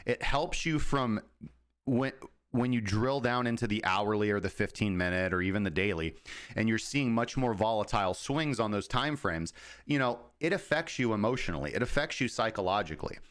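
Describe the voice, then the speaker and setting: A man's voice: on the low side, animated. Casual man explaining crypto markets. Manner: informal, explains at length, acts out traders' thoughts in quick asides. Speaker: crypto market analyst, host. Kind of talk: casual livestream market commentary.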